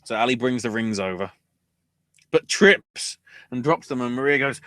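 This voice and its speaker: A man hosting a podcast, recapping wrestling in an animated, profane storytelling way. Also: mid-range voice, moderate pace, long pauses, dry recording. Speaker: podcast host.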